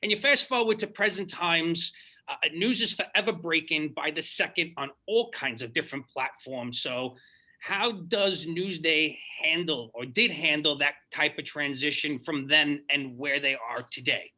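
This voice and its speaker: A man's voice: a little high, unhurried, pushed and bright. A man hosting an interview, asking long, chatty and curious questions. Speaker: interviewer, host.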